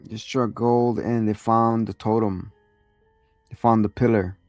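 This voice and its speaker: A man's voice: fairly low pitch, level tone, unhurried, darkish tone, no room sound, faint music behind. A man hosting a show, giving a rambling, profane, casual recap of a TV episode and acting out lines. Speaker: show host reviewing a TV episode.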